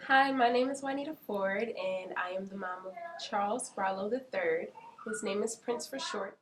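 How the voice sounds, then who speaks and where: A woman's voice: medium pitch, moderate pace, recorded from a distance, over loud music. A young woman introducing herself plainly and in a friendly way. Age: young adult.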